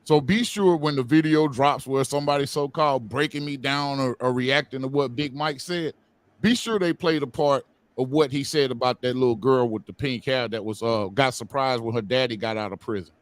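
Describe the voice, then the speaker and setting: A man's voice: medium pitch, normal speed, no room sound. Defiant blunt man on a livestream panel. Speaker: co-host. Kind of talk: heated livestream talk.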